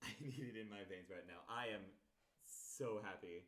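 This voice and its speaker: A man chatting casually on a late-night home stream, soft-spoken and rambling, talking to his viewers while music plays. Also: lowish voice, lively intonation, fairly quick. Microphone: headset mic.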